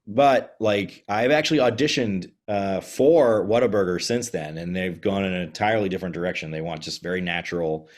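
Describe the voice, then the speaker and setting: A man's voice: deep voice, brisk, few pauses. A man from Texas, a voice actor guest, telling stories in a chatty podcast interview over a video call. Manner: chatty storyteller, slips into character voices.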